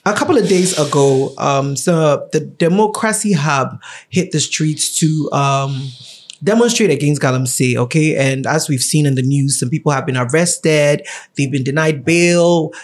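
Young Ghanaian man, podcast host, bright-voiced and upbeat, loose chatty delivery with lots of laughs, pitched a bit high for a man. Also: normal speed. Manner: chatty and playful, laughs often, switches into a mock radio voice. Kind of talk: casual chat.

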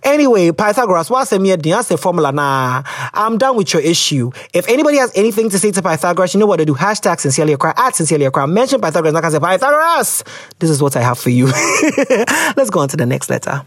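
Male Ghanaian podcast host, playful, lively intonation, dry close recording. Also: fairly high pitch, rapid-fire, few pauses, dry recording. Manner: playful and animated, slips into sassy quoted voices. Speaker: podcast host reading listener letters. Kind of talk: casual advice chat.

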